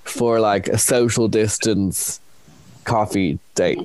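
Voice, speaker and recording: A man's voice: fairly low pitch, takes it slowly, no room sound. A young man with an Irish accent chatting as a guest, telling stories animatedly. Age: young adult. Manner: animated storyteller, acts out voices. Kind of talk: casual chat.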